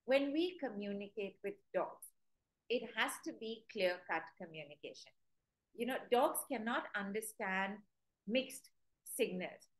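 On a low-quality recording, a medium-pitched woman teaches a live webinar lesson as a dog trainer. She's chatty and quizzes her viewers with direct questions, acting out both stern and sweet commands to dogs.

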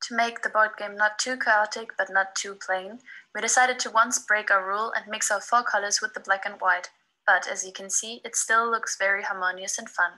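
A woman, a design student, reads a scripted presentation in an even, informative way. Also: medium pitch, poor audio.

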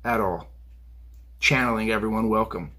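A man voicing calm spirit voices that speak to him in a low, hushed, matter-of-fact way during a channeling. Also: moderate pace. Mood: calmly knowing.

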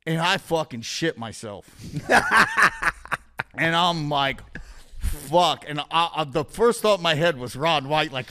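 A man telling a long story as a podcast guest, his voice sitting a touch higher than most men's. He swears constantly and rambles through a vivid play-by-play. His delivery is loose and conversational. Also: pushed and bright. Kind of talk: casual storytelling.

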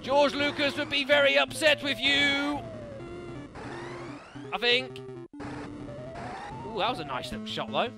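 A man commentating a video game, excitable and self-mocking, yelling at the enemies. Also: extremely high pitch, a little slow, creaky, long pauses. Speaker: let's play commentator. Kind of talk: gaming commentary. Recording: game music behind the voice.

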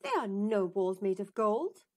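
A woman's voice: medium pitch, very animated, unhurried, darkish tone. A woman doing a stern storybook queen. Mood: firm.

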